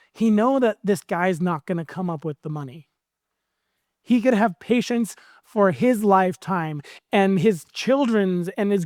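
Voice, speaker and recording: American male pastor, high voice, casual animated sermon, dry close sound. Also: dry recording. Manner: conversational, animated storytelling.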